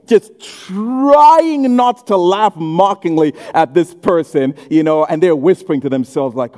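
A man preaching a sermon in a church hall, telling stories with humor and doing quick impressions. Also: high voice. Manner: humorous, animated storytelling with impressions. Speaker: pastor. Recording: echoey hall.

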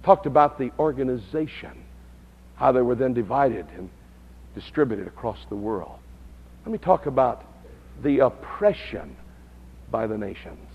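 A man's voice: big pitch swings, measured pace, pauses often, slightly rough. Man teaching a Bible study, lo-fi. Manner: builds to loud, high-pitched emphasis.

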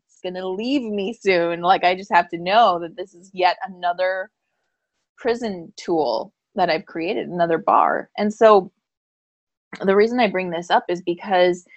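A woman co-hosting a live-streamed chat, telling a personal story in an animated way and laughing often. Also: on the low side, a little slow, no echo, highs cut off. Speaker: podcast co-host and psychic reader.

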